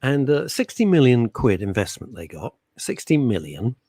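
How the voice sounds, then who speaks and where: A man's voice: medium pitch, normal speed, breathy edge, no room sound. A middle-aged man co-hosting a radio talk show, teasing and opinionated, speaking into a studio microphone. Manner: brash, teasing, animated and opinionated.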